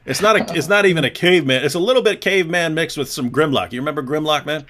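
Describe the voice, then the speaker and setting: A man's voice: a little high, quick pace, a bit bright. A man co-hosting a casual livestream chat, talking in a mocking, jokey way and laughing often. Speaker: co-host.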